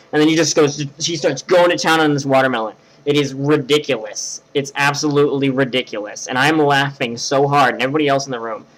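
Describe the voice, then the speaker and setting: A man's voice: a little high, poor audio. A young man from Tennessee, telling a rambling story to his webcam with lots of fillers and restarts. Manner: rambling, animated, filler-heavy. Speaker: vlogger.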